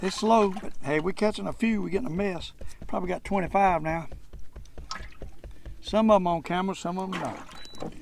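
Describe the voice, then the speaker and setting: An older man giving folksy, excited fishing commentary from a boat on a lake. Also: sits high, normal speed, creaky, long pauses, slight background noise. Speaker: fishing channel host.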